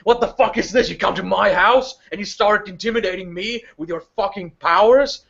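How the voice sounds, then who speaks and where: A man's voice: high voice, moderate pace, creaky, pitched above the performer's own voice. A man putting on a cursing enraged woman boss, tabletop game, dull lo-fi sound. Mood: furious. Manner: swears constantly, shouting accusations. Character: furious foul-mouthed woman gang boss. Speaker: game master voicing a character. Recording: dull lo-fi recording.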